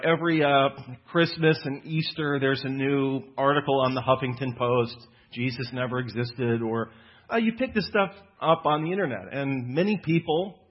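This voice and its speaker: A man's voice: a little high, slightly rough. A man preaching a sermon to a gathered audience in an earnest, teaching manner. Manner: earnest teaching, slows for emphasis on quotes. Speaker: pastor. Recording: dull lo-fi sound.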